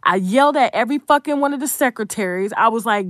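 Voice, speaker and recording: A woman's voice: a little high, lively intonation, fast, few pauses, fairly bright tone, no room sound, studio quality. A young adult woman content creator giving a blunt, profane, emphatic commentary rant.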